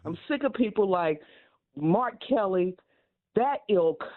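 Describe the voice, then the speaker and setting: A woman's voice: medium pitch, animated, slow pace. A woman calling in to a talk radio show, indignant and venting. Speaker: caller. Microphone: telephone. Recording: tinny phone line.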